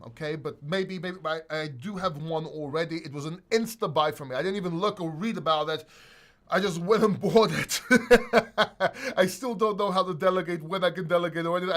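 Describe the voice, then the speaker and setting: Male livestream host, high voice, casual and profane, laughs easily. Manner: laughs a lot, swears freely, animated.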